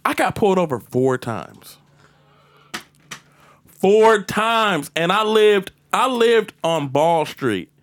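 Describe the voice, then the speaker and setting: A man telling a story in casual chat, animated and profane, loudly acting out his own outbursts. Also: high-pitched, slow pace, long pauses, no room sound.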